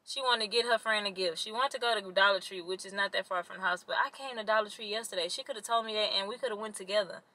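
Chatty woman vlogger with a bright voice. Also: mid-range voice, fast talker, hardly any pauses, no room sound, low-quality recording. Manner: chatty, complaining, addresses viewers as y'all. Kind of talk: casual vlog chat to camera.

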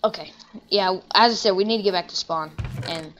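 A young woman giving rambling, casual commentary while playing a video game, breaking into excited shouts now and then. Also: fairly low pitch, normal speed, highs cut off. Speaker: gaming channel host.

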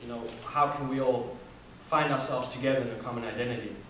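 A man's voice: mid-range voice, steady tone, quick pace, a bit bright, a little hiss or hum. Young man, echoey hall, far off. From Namibia. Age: 20s. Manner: earnest storytelling with fillers and restarts. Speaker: student speaker. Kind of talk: personal story talk.

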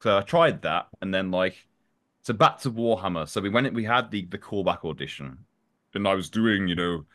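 A man, a voice actor, chatting in an interview in an animated, self-deprecating way, his voice swinging up and down. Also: deep voice, normal speed. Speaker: voice actor guest. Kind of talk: casual interview chat.

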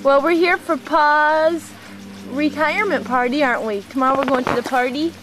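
A woman's voice: high-pitched, steady tone, normal speed, music in the background. A woman filming her toddler outdoors by a pool, chatting to him in sing-song baby talk on a home video.

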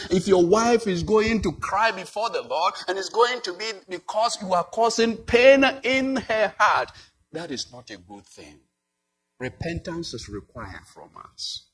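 A man's voice: sits high, fairly bright tone, slightly rough, poor audio. A male pastor preaching a sermon, building to emphatic swells and asking the congregation rhetorical questions.

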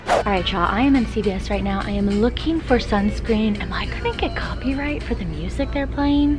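A young woman and mother chatting to camera in a casual family vlog, excitable and full of fillers like "so anyways". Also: on the high side, a little fast, over loud music.

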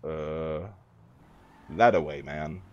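Drawing out his words in a darkish bass voice, a gaming YouTuber offers rambling, joking let's-play commentary on a driving game and swears freely. It's casual talk, captured in a dull lo-fi recording with faint hiss.

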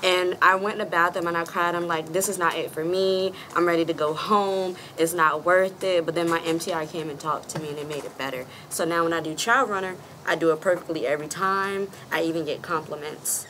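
A woman's voice: on the low side, steady tone, brisk, hardly any pauses, a bit bright, slight background noise. A woman military trainee earnestly telling her story to the class with formal address. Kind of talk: recounting a personal story in class.

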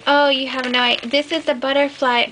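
Unboxing a package for her viewers, a woman who makes crafting videos talks briskly in a high-pitched voice that barely moves in pitch. She's gushy and excited, full of fillers, and the recording has clear background noise.

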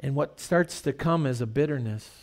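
A man's voice: mid-range voice, moderate pace. A middle-aged male pastor preaching a sermon in a conversational, storytelling way with rhetorical questions.

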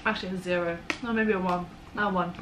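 A young English woman, chatty and quick to laugh, taste-testing sweets and giving scores. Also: fairly low pitch, fairly even intonation. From England. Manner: chatty, laughs easily, teasing. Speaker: vlogger. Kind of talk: casual taste-test chat. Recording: noisy home recording.

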